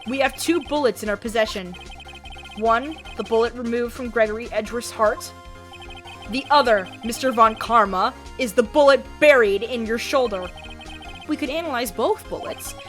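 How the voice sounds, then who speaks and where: Woman voicing a young lawyer, firm, methodical, bright tone, high-ish, soft music behind. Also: moderate pace, natural voice. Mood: pressing. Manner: firm, methodical courtroom argument. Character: determined young male defense attorney.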